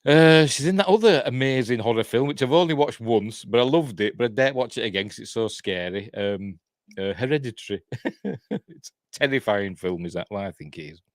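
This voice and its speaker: A man's voice: mid-range voice, expressive, fairly quick, dry recording, studio quality. A man with a Yorkshire accent hosting a casual livestream, rambling and self-deprecating as he chats to viewers from home. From Yorkshire, England. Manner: chatty, rambling, self-deprecating, reads chat aloud. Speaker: host.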